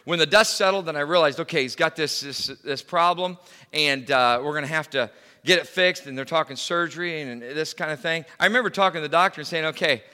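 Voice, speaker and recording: A middle-aged man preaching a sermon, telling a personal story in an animated way, repeating words and bursting into loud cries. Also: fairly high pitch, fast, clean tone. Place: church hall. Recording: reverberant hall.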